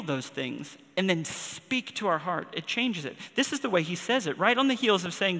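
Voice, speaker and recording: A man in his forties delivers a sermon in a slightly high, ringing voice. He speaks earnestly and personally, letting pauses build the intensity. The sound carries the long reverb of a large hall. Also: animated, sharp tone. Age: 40s. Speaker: pastor.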